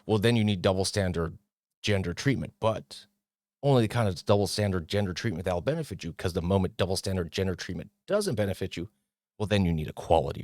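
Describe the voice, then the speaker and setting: A man with a fairly low voice hosts a casual talk show, reading an article and commenting on it. He slips into mocking impressions of other people. The recording is dry and close. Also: a little mellow, dry recording. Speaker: podcast host.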